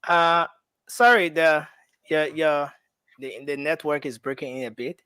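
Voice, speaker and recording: A man calling in to a live show from Liberia, speaking haltingly with restarts while his connection breaks up. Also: fairly high pitch, pushed and bright, clear, resonant tone, dry recording. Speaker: caller reporting from home. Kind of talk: phone-in chat.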